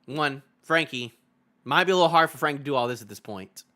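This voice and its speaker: Young man, live stream reaction, excitable, laughs often, repeats himself, bright tense voice. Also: medium pitch, fairly quick. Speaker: manga review streamer. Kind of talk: live casual reaction chat.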